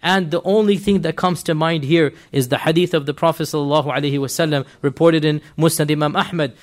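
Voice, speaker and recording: A man giving an online history lecture, emphatic and animated, often asking his students rhetorical questions. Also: a little high, fast talker.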